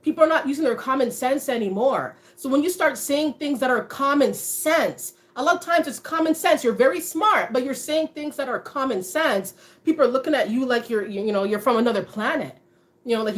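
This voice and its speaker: A woman talking casually to her viewers on a livestream, chatty and animated, often laughing and dropping in "you know.". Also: high voice, brisk. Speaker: motivational vlogger.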